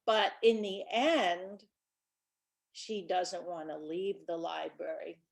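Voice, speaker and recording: A woman's voice: on the low side, takes it slowly, creaky. A woman who writes children's books, talking casually and chattily about her books, with small restarts. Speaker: children's book author.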